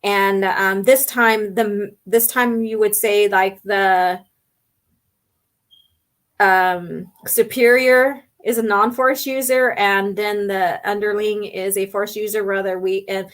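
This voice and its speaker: Slow-talking woman hosting a casual chat. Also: mid-range voice, steady tone. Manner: unhurried, chatty, laughs often. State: losing her voice. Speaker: host.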